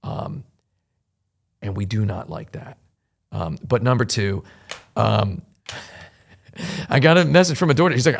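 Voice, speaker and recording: A man with a fairly low voice and a gravelly, fry-laden edge is hosting a show. He tells a long anecdote in a loose, chatty way. He often circles back and restarts his sentences as he goes. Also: unhurried, pauses often. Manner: rambling, animated anecdote with frequent restarts. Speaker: host. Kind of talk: casual storytelling chat.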